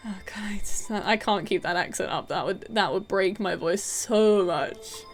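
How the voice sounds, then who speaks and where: A woman's voice: medium pitch, measured pace, hardly any pauses. A young woman streamer playing a game, laughing and chatting playfully. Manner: playful, laughing, voices characters. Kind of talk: casual game let's play.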